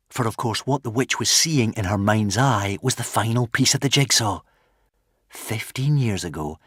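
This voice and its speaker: A man narrating an audiobook in an expressive storytelling manner. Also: dry recording, clean studio sound. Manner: expressive storytelling with lively pitch.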